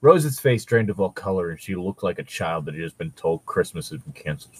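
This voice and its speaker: A man's voice: low voice, animated, brisk, husky, poor audio. A young man co-hosting a fan fiction reading podcast, ranting sarcastically and swearing freely. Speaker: co-host.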